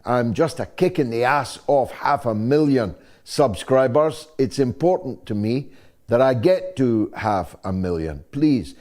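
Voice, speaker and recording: A man's voice: medium pitch, expressive, unhurried, a little mellow. An older man hosting a live-stream talk show, delivering promotions and an introduction in a fervent, oratorical, wry way. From Scotland. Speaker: show host.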